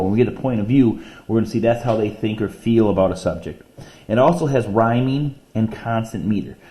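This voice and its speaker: A male teacher with a low, warm, mellow voice, walking a class through a reading lesson. He explains patiently, step by step, and reads lines of poetry slowly, counting the syllables out loud. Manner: reads poems slowly and deliberately.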